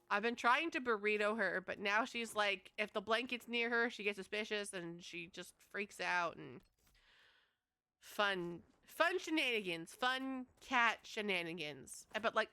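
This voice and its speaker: A woman's voice: medium pitch, pushed and bright, clean tone, no echo. A young woman hosting a livestream, chatting casually and addressing her chat directly. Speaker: livestream host.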